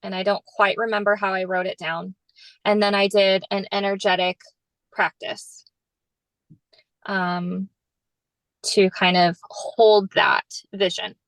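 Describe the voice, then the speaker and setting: A woman co-hosting a podcast, telling a story in casual chat with lots of "like" and lively quoted asides. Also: takes it slowly, pauses often, no echo, poor audio. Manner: animated storyteller, heavy use of "like", jumps high when quoting others. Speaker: podcast co-host.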